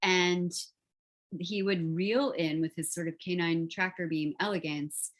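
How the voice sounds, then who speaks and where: A woman's voice: lowish voice, steady tone, unhurried. A woman author on a video call, telling a personal story in a reflective, vivid way with some fillers. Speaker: author guest.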